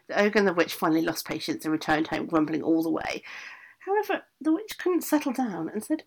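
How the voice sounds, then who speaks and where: A woman reading a fairy tale aloud, lively, adding casual asides as she goes. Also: on the low side, a little fast, creaky. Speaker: storyteller.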